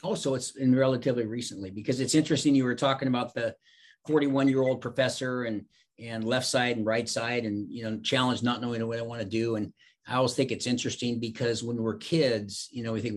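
A man's voice: mid-range voice, steady tone, fairly quick. A man hosting an interview, asking questions in a conversational, reflective manner. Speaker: host. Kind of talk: casual interview.

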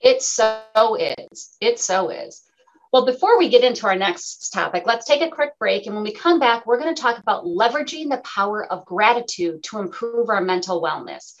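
A woman hosting a radio talk show in casual chat, animated and laughing, acting out quotes. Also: medium pitch, moderate pace, highs cut off.

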